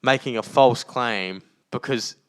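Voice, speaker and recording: Joking podcast host with a smooth voice. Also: male voice, medium pitch, measured pace. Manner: animated, joking, often laughing. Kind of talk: casual chat. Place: large open room.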